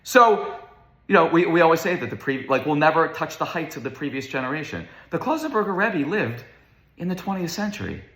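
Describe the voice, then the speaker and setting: An emphatic man lectures on Torah themes, asking question after question. His voice is higher than most men's and swings widely in pitch. It rings through a roomy, echoing space. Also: sing-song, fairly quick, a bit bright. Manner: emphatic, rhetorical questions, repeats words. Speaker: Torah teacher. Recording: roomy echo.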